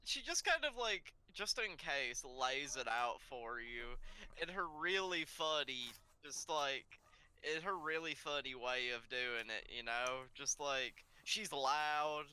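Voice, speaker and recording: Lively, smooth-voiced podcast co-host. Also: medium pitch, slow pace, poor audio. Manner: animated, playful. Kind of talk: casual chat.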